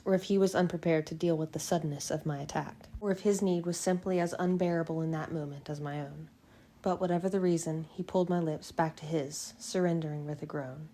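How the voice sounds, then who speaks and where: A woman narrating a novel in the first person with a low, mellow voice. Her reading is steady and unhurried, and the tone stays soft and rounded throughout. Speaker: fan audiobook reader.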